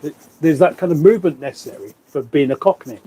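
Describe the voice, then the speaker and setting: A middle-aged Englishman hosts a casual livestream from a room at home, rambling on and reading viewer comments aloud. His voice is a little high and fast, with a dark, slightly rough tone, on a rough recording.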